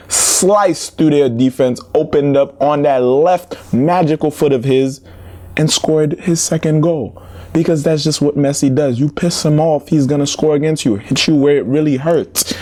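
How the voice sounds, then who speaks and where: A young man hosts casual football news commentary, chatty and joking with slangy asides. His voice is medium in pitch and mellow.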